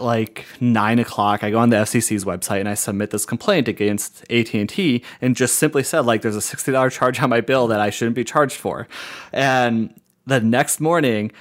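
A man spins a story in easy, casual chat, jumping into the voices of the people he quotes. His talk is loose and full of "like", and his voice sits at an ordinary middle pitch. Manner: animated, acts out quoted dialogue, lots of "like" fillers, laughs between lines. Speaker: podcast co-host and streamer.

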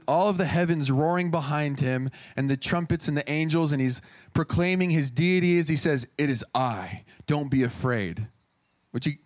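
A man in his thirties preaching a sermon in an earnest, conversational way, often restarting his phrases. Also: medium pitch.

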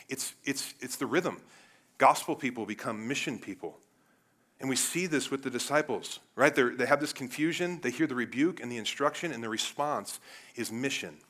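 A man preaching a sermon as pastor, talking straight to the congregation and swinging from loud emphatic peaks down to low, quiet stretches. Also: normal speed. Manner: animated, rises to loud emphatic peaks then drops low; addresses congregation directly with "guys" and "right?".

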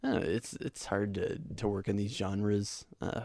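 A man in casual conversation about movies and television, relaxed and laid-back, laughing often. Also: fairly low pitch, normal speed, vocal fry, dry recording. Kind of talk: casual chat.

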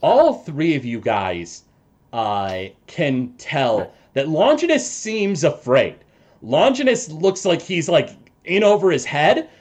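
A man narrating a tabletop game as game master in an unhurried storytelling manner. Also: fairly high pitch, wildly swooping pitch, a little mellow.

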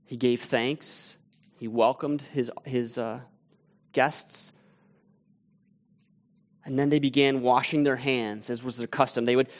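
A man on a church teaching team, telling a vivid story in a casual sermon with restarts and asides, sinking to a hush at tense moments. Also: a little high.

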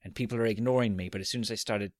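Brief: male podcast host, low voice, dry close sound, chatty and rambling. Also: rapid-fire, no echo. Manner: rambling, self-interrupting, animated. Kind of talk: casual chat about video games.

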